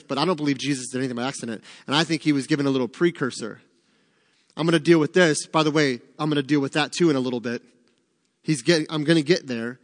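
A man preaches to a small group in a relaxed, conversational way, lively and joking between points. His voice sits a little high. Long reverb trails off the room around him. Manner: animated, chatty, joking asides. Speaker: pastor teaching a Bible study. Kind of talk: conversational sermon.

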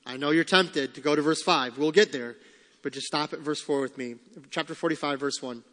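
A male pastor preaching a sermon, reading scripture aloud and acting out the quotes with lively emphasis. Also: fairly high pitch, fairly quick, long reverb tail.

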